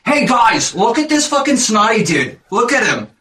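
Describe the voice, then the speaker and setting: A man's voice: very high-pitched, very animated, moderate pace, pushed and bright, distant mic, a little hiss or hum, voice pushed up, heavily acted. A man voicing a crude young jock bully leading a gang, sneering and taunting.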